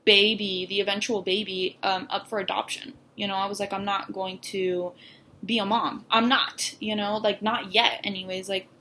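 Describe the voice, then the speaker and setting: A young woman tells her own story straight to camera, candid and halting, restarting her sentences and leaning on fillers. Her voice sits at an ordinary middle pitch. A faint hum runs underneath the recording. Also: level tone, bright, forceful tone. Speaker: vlogger.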